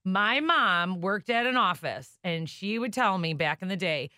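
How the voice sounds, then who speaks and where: A woman co-hosting a radio show, chatty and animated, laughing often in casual banter. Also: medium pitch, a little slow, no echo, clean studio sound.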